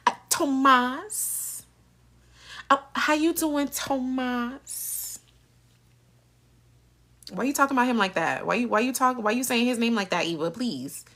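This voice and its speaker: A woman's voice: mid-range voice, bright, forceful tone. A woman hosting a live recap stream in a casual, sassy style. She laughs often and mimics the characters as she talks. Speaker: host of a live soap-opera recap stream.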